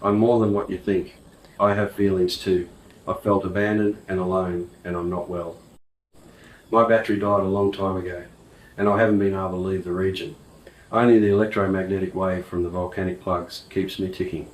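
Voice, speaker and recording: A man's voice: deep voice, flat delivery, normal speed, reverberant, distant mic, lightly acted, low-quality recording. A man voicing a lonely, flirty female drone in a storybook, putting on a comic English accent. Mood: pleading. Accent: comic English put-on. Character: female drone turned woman, needy and flirty.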